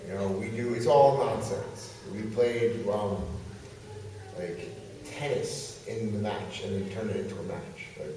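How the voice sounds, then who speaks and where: A man, a pro wrestler guest, telling an animated story and laughing as he goes, at a convention. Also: fairly low pitch, unhurried, noisy background. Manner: lively, laughing as he tells the story. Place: large convention hall. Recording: echoey hall picked up from far off.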